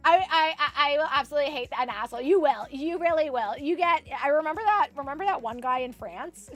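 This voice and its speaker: High-voiced young woman rambling casually. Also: animated, a little fast, a bit bright, soft background music. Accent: Canadian. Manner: rambling, many "like"s and restarts, laughs a lot. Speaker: vlogger chatting with live viewers. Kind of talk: casual storytelling chat. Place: home, sewing while chatting.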